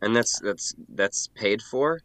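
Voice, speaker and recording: A man's voice: fairly low pitch, lively intonation, slow pace, crowd noise. A man taking part as a player in a tabletop role-playing game, playful and stumbling over his words. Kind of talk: in-character tabletop play.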